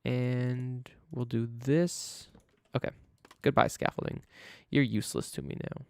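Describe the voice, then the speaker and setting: A man's voice: mid-range voice, steady tone, a little slow, creaky, a little mellow, smooth, dry recording. A man live-streaming a building game, chatting casually and thinking aloud to himself as he works.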